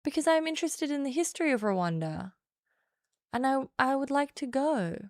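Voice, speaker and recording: A woman's voice: high-pitched, animated, normal speed, no room sound, studio quality. A young woman streaming, chatting casually in a playful, self-mocking way. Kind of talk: casual live-stream chat.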